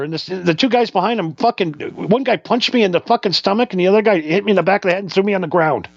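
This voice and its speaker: A man's voice: high voice, quick pace, gravelly, few pauses, dry recording. Profane, heated man telling a story. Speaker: podcast co-host. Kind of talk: casual chat. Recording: dull lo-fi sound, dry.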